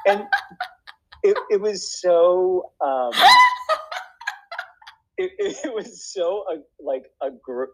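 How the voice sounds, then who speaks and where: A man's voice: high voice, lively intonation, takes it slowly, long pauses, warm tone, rough recording. A man, an actor and acting teacher, telling a story in a casual interview, with many restarts and frequent laughs.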